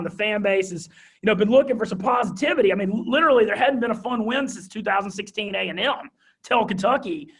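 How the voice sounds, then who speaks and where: High-energy Southern drawl man, husky. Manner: high-energy, animated, excited. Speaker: guest, radio host. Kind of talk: interview storytelling.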